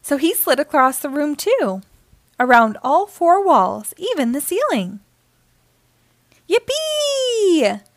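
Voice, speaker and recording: A woman hosting storytime, reading a children's book aloud with expressive storytelling. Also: high voice, measured pace, no echo. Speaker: storytime host.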